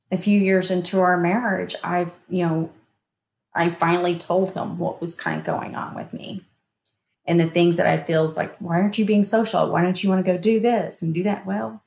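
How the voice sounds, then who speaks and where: A woman's voice: fairly low pitch, creaky, a little mellow. Candid woman in a roomy echo. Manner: frank and emphatic, with bursts of laughter. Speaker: guest, hypnotherapist and mindset coach. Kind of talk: candid personal storytelling in an interview.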